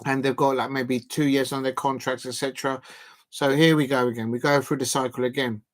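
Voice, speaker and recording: A man hosting a live football watch-along, ranting in an animated, exasperated way and often restarting his sentences. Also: medium pitch, a little fast. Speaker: football fan live-stream host. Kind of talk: casual watch-along commentary.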